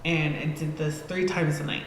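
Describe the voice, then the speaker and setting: A woman guest on a podcast telling a story casually, animated and swearing freely as she acts out scenes. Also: deep voice, moderate pace. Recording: echoey hall-like room with faint noise.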